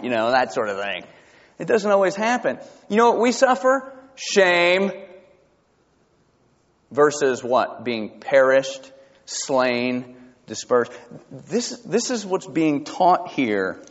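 Animated male pastor preaching in a hall. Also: on the high side, takes it slowly. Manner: animated, emphatic preaching with repeated restarts. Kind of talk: sermon. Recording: dull lo-fi sound with long hall reverb.

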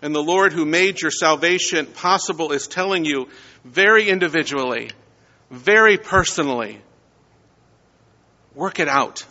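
A male pastor delivering a Sunday sermon, preaching in measured phrases and rising to emphatic peaks on key words. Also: fairly high pitch, pushed and bright. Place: church sanctuary. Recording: dull sound with long church reverb.

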